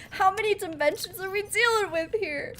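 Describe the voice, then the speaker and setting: A young woman streaming a game live, excitable and chatty, often laughing and reacting to viewers. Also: extremely high pitch, unhurried, a little hiss or hum. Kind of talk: live gameplay commentary.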